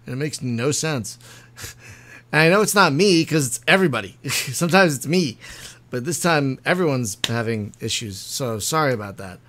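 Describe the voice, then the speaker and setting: A man's voice: medium pitch, lively intonation, moderate pace, bright, forceful tone. A man hosting a podcast in casual chat, talking freely and laughing often over an online voice call. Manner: chatty, laughs often, apologetic. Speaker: podcast host.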